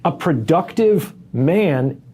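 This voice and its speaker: A man hosting a conversational podcast discussion, speaking in a measured, analytical way. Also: on the high side, animated, warm tone, breathy edge.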